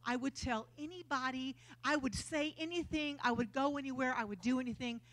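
A woman preacher, telling stories in a lively sermon with self-mocking humor at a church service. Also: sits high, fairly quick.

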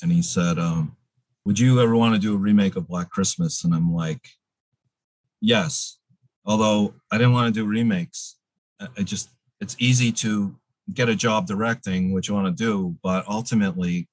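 Low-voiced man telling stories, dry close mic. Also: brisk, a little mellow, no room sound, rough recording. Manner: rambling storyteller with many fillers and restarts. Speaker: interview guest, filmmaker. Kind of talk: casual interview chat.

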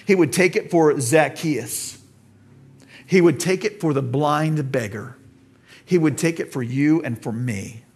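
A man's voice: a little high, measured pace, darkish tone, breathy edge. A pastor with an American accent preaching an earnest sermon to his church, now and then acting out voices in the story he tells. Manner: earnest preaching, acts out quoted dialogue.

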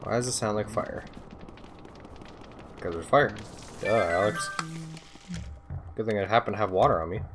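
A man playing a video game and talking to himself, with excited outbursts and swearing. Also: on the low side, moderate pace, long pauses, over music. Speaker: let's play host. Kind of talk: gameplay commentary. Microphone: desktop USB mic.

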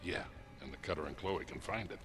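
An actor playing a wisecracking male treasure hunter who talks in quick, wry banter in a video game. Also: a bass voice. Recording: game audio under music.

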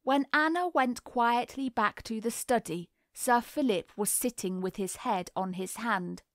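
A woman reading a novel aloud in a measured, even storytelling manner. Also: a little high, no echo, clean studio sound. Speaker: audiobook reader. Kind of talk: scripted narration.

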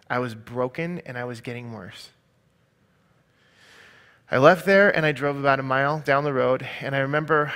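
A man's voice: medium pitch, a bit bright. A man giving an earnest, confessional personal testimony as a sermon. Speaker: speaker sharing his testimony.

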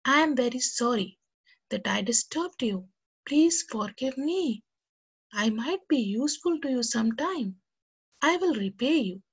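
A woman voicing a small, polite male mouse who pleads slowly in a storybook reading. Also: a little high, animated, husky, full character voice. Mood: pleading.

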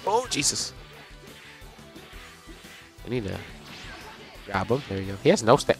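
A young man giving casual, chatty commentary on a video game as he plays, reacting out loud and laughing often. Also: mid-range voice, sing-song, fairly quick, pauses often, slightly rough. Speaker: gaming channel host. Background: game music.

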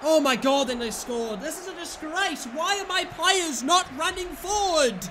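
A young British man giving live commentary over a football video game, exasperated and often yelling at his players and the referee. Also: extremely high pitch, expressive, a little slow, noisy background. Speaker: gaming YouTuber.

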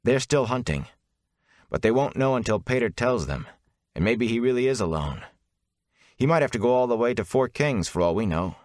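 A man's voice: mid-range voice, animated, normal speed, dry recording, studio quality, pitched above the performer's own voice, close to an everyday voice. A man voicing a young male hero in an audiobook, speaking firmly and in clipped phrases. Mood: steady. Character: young male farm lad hero, tense but steady.

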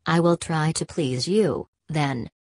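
A woman's voice: low-pitched, unhurried, darkish tone, no room sound, clean studio sound. A woman reading an eager young daughter. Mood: meek. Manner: earnest and eager. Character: earnest, impetuous young noble daughter.

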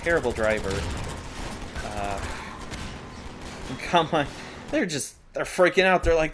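A man's voice: fairly high pitch, very animated, takes it slowly, long pauses, a bit bright, slight background noise. A man hosting a let's play, giving rambling, playful gameplay commentary and joking at his own expense. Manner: rambling, playful, jokes at himself. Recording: game sounds under the voice.

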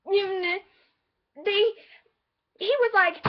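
A woman rants in a casual vlog, animated and sassy. Her voice is high. The recording sounds slightly muffled and lo-fi. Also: takes it slowly, pauses often. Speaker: vlogger.

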